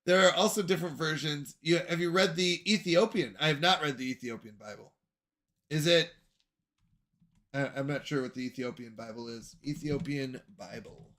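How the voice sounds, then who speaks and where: A young man chats casually on his stream, reading and answering viewers with a joking, self-deprecating manner and frequent laughs. His voice is bright and sits a little high for a man. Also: moderate pace. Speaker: livestream host reading chat. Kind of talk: casual chat.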